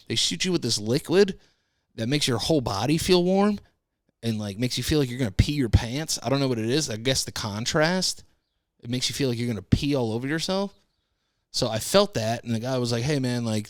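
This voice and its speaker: A man hosts a podcast with a casual, rambling monologue, telling a laid-back story and swearing freely. His voice is mid-range, and the recording is dry and studio quality.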